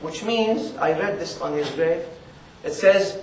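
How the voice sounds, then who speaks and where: A man giving a Friday sermon, earnest and repetitive, reciting Arabic verses quickly between his explanations. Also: a little high, roomy sound, recorded from a distance, a little hiss or hum, low-quality recording. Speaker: preacher.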